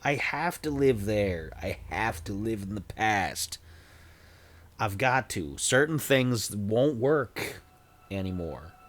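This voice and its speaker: A man in his forties with a somewhat low voice talks casually to his stream audience. He rambles from one thing to the next with self-deprecating, joking asides, close to a desk microphone. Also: expressive, takes it slowly, a bit bright. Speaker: livestreamer.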